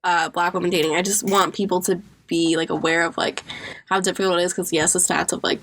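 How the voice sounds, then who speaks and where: A woman's voice: fairly low pitch, fast talker. Young woman chatting, full of "like". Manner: animated storytelling, lots of "like". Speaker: podcast co-host. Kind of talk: casual chat.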